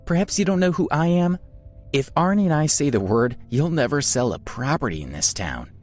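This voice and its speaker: A man's voice: a little high, very animated, unhurried, a bit bright, pitched above the performer's own voice. A man voicing an arrogant, wealthy male media mogul in a story, speaking with scorn and bluster. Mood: scornful.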